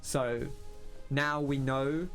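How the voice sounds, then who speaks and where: A man's voice: medium pitch, steady tone, extremely slow, a bit bright, soft background music. A young man casually commenting while playing a game, musing aloud and rambling as he thinks through what he sees. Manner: musing, rambling, self-interrupting. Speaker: let's play host.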